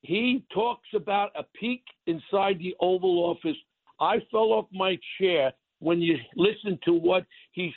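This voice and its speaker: A man calls in to a talk radio show and rants bluntly. His voice sits high, gravelly and husky. It comes through a thin, dry phone line. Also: measured pace, no echo. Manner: blunt, insulting, heated. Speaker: regular guest calling in. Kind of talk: brash talk radio rant.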